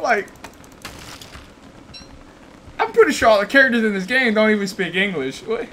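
A man chatting and teasing a friend on a gaming stream, animated and jokey. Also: sits high, quick pace, a little hiss or hum. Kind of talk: casual gaming stream chat.

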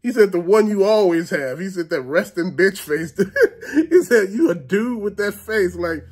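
A man's voice: high-pitched, unhurried, husky. A middle-aged man rants through a comic story. His voice rises and falls widely as he acts out other people's lines. He swears freely and keeps breaking into laughter. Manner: animated, profane, acts out quotes, laughs often. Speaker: show host. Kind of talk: comedic storytelling rant.

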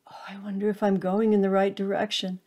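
A woman's voice: mid-range voice, little pitch movement, fairly quick, darkish tone, lightly acted. A woman voicing a small, frightened, lonely acorn in a storybook tale, with breathless pleading cries. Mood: desperate.

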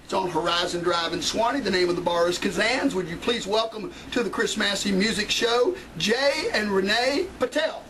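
A man's voice: high-pitched, moderate pace, hardly any pauses, noisy background. A man hosting a talk show, delivering a sarcastic, ranting monologue. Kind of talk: comedic opening monologue.

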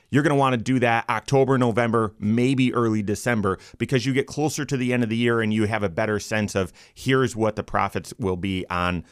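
Guy hosting a radio show, quick energetic delivery, dry studio sound. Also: on the low side, dry recording. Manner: fast-talking, energetic delivery.

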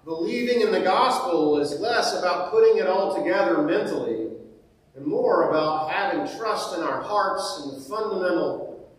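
A man's voice: high-pitched, expressive, normal speed. A man preaching a sermon as pastor, in a conversational way that repeats key phrases for emphasis. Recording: very echoey church, mic far off.

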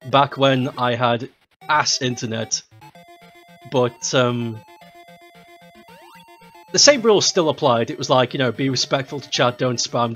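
A streamer in their thirties chatting casually over a game, blunt and quick to swear and laugh. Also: mid-range voice, a bit bright, dull audio.

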